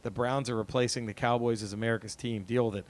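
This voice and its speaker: A man's voice: medium pitch, fairly even intonation, fast talker, dry recording. A man in an everyday middle register reads out listener messages on a casual podcast. He talks loosely, swears freely and fills gaps with ums. The sound is dry and close. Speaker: podcast co-host.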